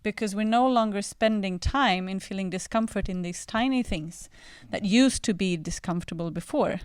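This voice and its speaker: Woman panelist, smooth clear voice, reflective, laughs often, dry sound. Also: medium pitch, normal speed, no room sound. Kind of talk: podium discussion.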